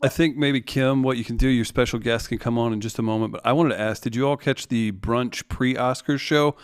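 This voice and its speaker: A man's voice: medium pitch, steady tone, a little fast, clean tone, dry recording, clean studio sound. A man co-hosting a comedy talk show, steering the conversation and giving cues. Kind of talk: casual talk show chat.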